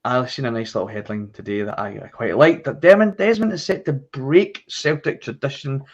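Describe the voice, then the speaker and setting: A man's voice: medium pitch, normal speed. A Scottish man hosting a football podcast in a cheeky, joking way, casual chat and ad reads. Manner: cheeky, jokey delivery. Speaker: podcast host. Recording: slightly dull lo-fi sound.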